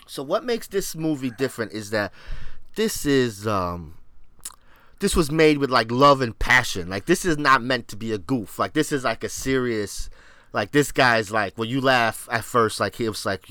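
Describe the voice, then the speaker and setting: A man with a mid-range voice co-hosts a relaxed pop culture chat. He sounds laid-back and agreeable and strings his thoughts together with plenty of fillers. The sound is dry and close, with no room echo. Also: mid-range voice, measured pace. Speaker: podcast co-host.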